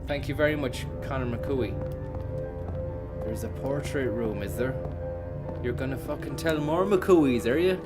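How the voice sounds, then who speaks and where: A man's voice: mid-range voice, a little slow, pauses often, over loud music. A young man, tired and yawning, commenting on a game as he plays and cursing freely while thanking viewers by name. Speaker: streamer. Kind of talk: live gameplay commentary.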